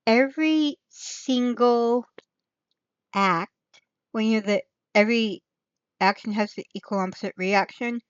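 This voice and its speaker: A woman's voice: a little high, measured pace, pauses often, clean tone, dry recording, dull audio. A woman hosting her own channel, chatting casually and rambling, thinking aloud, trailing off and restarting her thoughts. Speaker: channel host. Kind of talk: rambling casual livestream chat.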